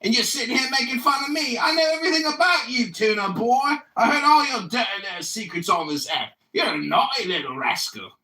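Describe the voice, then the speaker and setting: Man, forties, shouting, mocking, profane, livestream host, roomy echo, distant mic. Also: extremely high pitch, expressive, fairly quick, hardly any pauses. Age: 40s. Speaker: livestream host, political candidate. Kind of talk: heated livestream argument.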